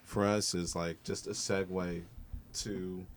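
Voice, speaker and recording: A man's voice: low voice, flat delivery, slow. A man who mentors students in a music program, talking earnestly and encouragingly in a casual group conversation. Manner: earnest, encouraging, heavy on "like" and "dope".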